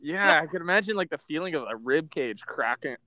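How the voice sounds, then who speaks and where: A man's voice: a little high, animated, fairly quick, pushed and bright, no room sound. A man hosting a casual podcast from his truck, joking and laughing often. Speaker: podcast host. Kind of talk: casual chat.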